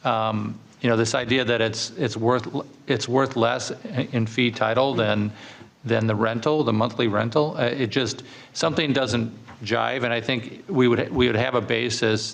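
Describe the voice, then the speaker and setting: Brief: gravelly male council member, halting, thinks aloud in meeting. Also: mid-range voice, fairly even intonation, fairly bright tone. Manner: hesitant, many restarts, thinking aloud. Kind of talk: council discussion. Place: council chamber.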